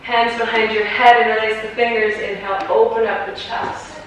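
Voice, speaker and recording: A woman's voice: a little high, moderate pace, heavy reverb, recorded from a distance, a little hiss or hum, poor audio. Slightly breathless woman cueing a yoga flow. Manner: calm, encouraging step-by-step cueing. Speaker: yoga instructor. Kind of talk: guided yoga class cues.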